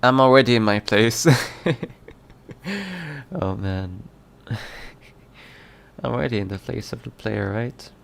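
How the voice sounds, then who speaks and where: A man's voice: lowish voice, slow pace, vocal fry, pauses often. A man chatting casually on a live stream as a game developer, playfully reading chat aloud and answering with frequent laughs.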